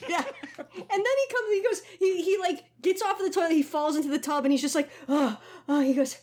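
Co-host, woman, high voice, giggly animated recaps. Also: fast talker. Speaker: podcast co-host. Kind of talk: casual chat reviewing a film.

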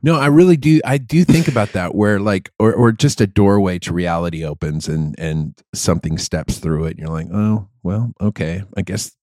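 A man co-hosting a podcast, chatting casually in animated, joking and profane rants. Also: low-pitched, a little fast, few pauses, no room sound, studio quality. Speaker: podcast co-host. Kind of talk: casual chat.

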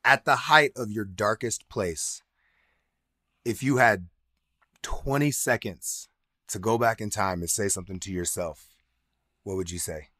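Bright, chatty male podcast co-host. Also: lowish voice, measured pace, pauses often, no echo, clean studio sound. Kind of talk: casual chat.

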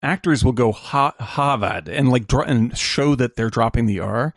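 Man, podcast co-host, casual chat, gravelly voice, dry close sound, laughs often. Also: mid-range voice, normal speed, dry recording. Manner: laughing, animated, swears casually.

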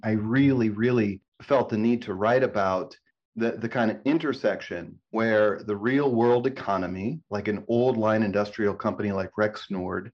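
Animated journalist man, muffled sound. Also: lowish voice. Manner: energetic storytelling, quick bursts. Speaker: author and print journalist. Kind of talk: conversational interview.

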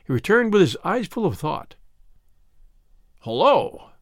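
A man reading a detective story aloud with expressive storytelling. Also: high-pitched, a little fast, no room sound, clean studio sound. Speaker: audiobook narrator. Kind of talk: scripted narration.

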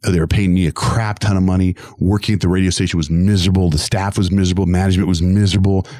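A man's voice: deep voice, fast talker. A middle-aged man, a radio host, telling his career story in an interview and acting out the voices of the people in it. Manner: animated, acts out quoted voices.

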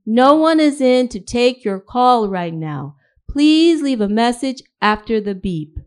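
A woman's voice: on the high side, very animated, slow, darkish tone, clean tone, voice pushed up. A woman voicing a middle-aged mother's recorded answering machine greeting, in a stiff, formal tone.

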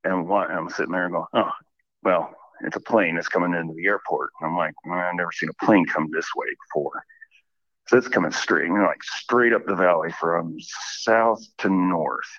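A man with a lowish voice tells a personal story over the phone, slipping into little re-enactments of every exchange. The line is dull and lo-fi, the sound dry and close. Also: moderate pace, no echo. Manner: rambling, animated retelling with many "I'm like" quotes. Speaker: caller.

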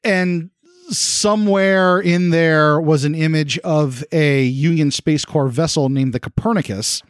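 A man with a fairly high voice acts as game master, recapping the story so far. He talks in a laid-back, stop-and-start way, full of fillers, in a dry, close sound. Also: a little slow, clean tone, no room sound. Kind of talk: recapping a tabletop game for a podcast.

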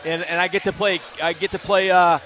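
A man's voice: high-pitched, flat delivery, fairly quick, fairly bright tone, some chatter behind. A man co-hosting a radio show, chatting casually in a jokey, playful way. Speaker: radio co-host. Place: on location at a bar in London. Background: music.

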